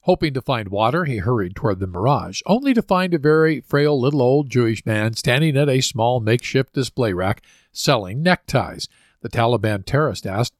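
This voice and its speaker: A man hosts the show and tells jokes in a folksy, easygoing manner. His voice sits at an ordinary male pitch and is recorded close and dry. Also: lively intonation, normal speed, no echo. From American Midwest. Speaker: host. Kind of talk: reading jokes on a chat show.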